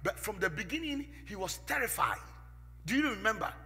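A man preaching a sermon from the pulpit, with call-and-response, swinging from loud shouts to near-whispers. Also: high-pitched, big pitch swings, fairly quick. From Ghana. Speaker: pastor. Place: church sanctuary. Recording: echoey church hall with music behind.

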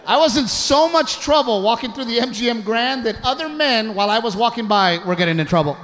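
A man performing a stand-up comedy set, telling a story loudly and shouting out impressions. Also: very high-pitched, animated, fast, hardly any pauses. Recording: live show with crowd noise. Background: audience laughter.

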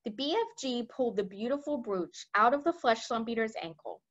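A woman reading a children's book aloud for a library, telling the story in a lively way with asides to listeners. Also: on the high side, brisk. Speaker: library read-aloud reader. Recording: dull lo-fi recording.

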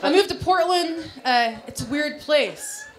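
A woman's voice: high-pitched, animated, a little slow, background noise. A woman performing a stand-up comedy set on a club stage, brash and crude, with self-deprecating punchlines. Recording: live club set with loud audience laughter. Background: audience laughing.

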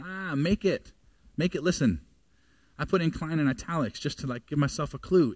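A man's voice: fairly high pitch, animated, brisk, no echo. A man in his forties preaching a sermon in a church, talking conversationally and asking the congregation questions. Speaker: pastor. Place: church sanctuary.

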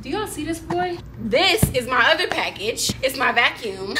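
A woman's voice: sits high, normal speed, hardly any pauses, slight background noise. A young woman filming a home vlog, talking in a playful sing-song way to her toddler and chatting casually to viewers. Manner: sing-song baby talk, playful and animated. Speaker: vlogger and mom. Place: home, indoors. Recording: roomy, slightly distant home camera audio.

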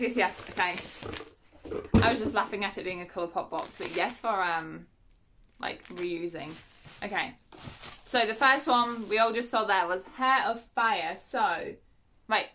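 A woman's voice: mid-range voice, unhurried, pushed and bright, a little hiss or hum. A woman chatting casually as she unboxes books at home, correcting herself often and giggling. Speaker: book vlogger.

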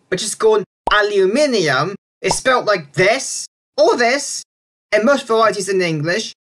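A woman talks through an explainer video over slides in a casual, chatty way, often checking in with a rising "yeah?". Her voice is bright and her pitch moves around a lot as she explains. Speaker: video creator explaining spelling reform.

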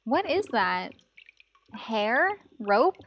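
A woman's voice: fairly high pitch, very animated, drawn-out words, fairly bright tone. A woman streaming a horror game, reacting to the scares with swearing and laughter. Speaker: let's play streamer. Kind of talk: casual gameplay commentary.

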